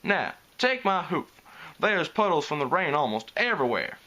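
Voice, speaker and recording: A man voicing a big, easygoing country stallion with a slow rural drawl. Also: on the high side, sing-song, bright, forceful tone, pitched above the performer's own voice.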